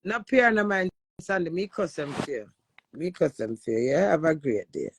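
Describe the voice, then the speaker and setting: A Jamaican woman hosting a live stream, ranting forcefully and swearing as she talks with a caller. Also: sits low, very animated, normal speed, husky, no room sound. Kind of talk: casual live chat.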